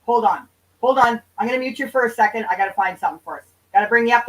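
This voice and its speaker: High-voiced woman chatting on a livestream. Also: quick pace, far from the mic, rough recording. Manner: loose, profane, banters with chat. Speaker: livestream host. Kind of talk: casual livestream chat reading viewer comments.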